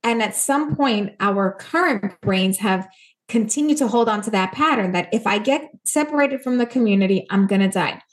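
This author from Puerto Rico is a guest in a relaxed interview, speaking at a normal speed with an animated, medium-pitched voice. She comes across as earnest and emphatic, and she performs the voices of people she quotes.

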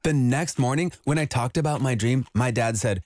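A man's voice: medium pitch, normal speed, a little mellow, slight background noise. Man narrating a scripted story. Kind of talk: scripted first-person storytelling.

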